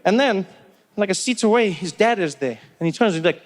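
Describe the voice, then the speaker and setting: A man with a South African accent telling stand-up comedy stories with animated, repetitive comic timing. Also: high voice, a little fast.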